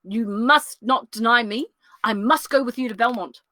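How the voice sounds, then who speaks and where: A woman voicing a brash, wild young gentleman eagerly pressing a request in a solo reading of a classic play. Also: a little high, normal speed, dry recording, clean studio sound.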